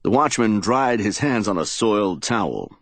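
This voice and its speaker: A man's voice: lowish voice, animated, normal speed, no echo. A man narrating a hardboiled crime audiobook in a dramatic storytelling manner.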